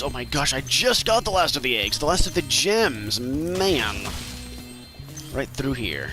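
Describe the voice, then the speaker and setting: Over music, a man from Maine offers playful, jokey gameplay commentary, chatting to the characters on screen. His medium-pitched voice swings widely in pitch, and he speaks a little slowly.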